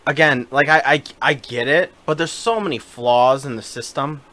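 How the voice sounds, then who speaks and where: A man's voice: mid-range voice, normal speed, pushed and bright. A man co-hosting a podcast in casual chat, chiming in with short replies. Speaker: podcast co-host.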